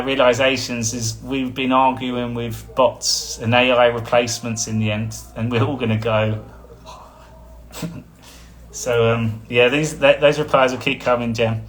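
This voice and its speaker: A man talks off the cuff on a live stream in a middle-pitched voice. He rambles, speaks bluntly and chuckles between thoughts. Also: fairly bright tone. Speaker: spiritual coach hosting a live stream. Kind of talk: casual livestream talk.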